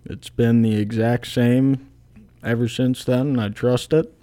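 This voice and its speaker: A young man in his twenties speaks at an unhurried, drawn-out pace, relaxed and plainspoken. He is a college kicker chatting casually as a podcast guest, leaning on fillers as he thinks aloud. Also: medium pitch, soft background music. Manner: laid-back, plainspoken, many fillers.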